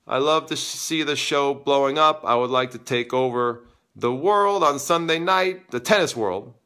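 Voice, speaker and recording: A man's voice: mid-range voice, clean tone. A man hosting a live tennis show, talking casually and with strong opinions while he answers viewer comments. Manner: animated, opinionated, teasing.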